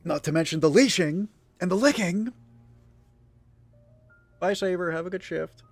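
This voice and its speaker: A man's voice: high voice, measured pace, faint music behind. A man streaming live, chatting casually with viewers in a rambling way, full of fillers, frequent swearing and easy laughs. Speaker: livestreamer.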